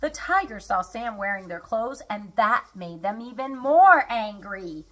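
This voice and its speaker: A woman reading a children's storybook aloud in an expressive, unhurried way. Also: mid-range voice.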